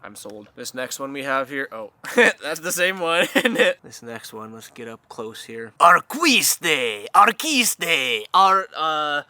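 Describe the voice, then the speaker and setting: Man, bright tone, casual vlogger, playful, self-deprecating, quick chuckles. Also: mid-range voice, expressive, no room sound. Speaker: vlogger doing a sponsored segment. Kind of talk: casual vlog chat.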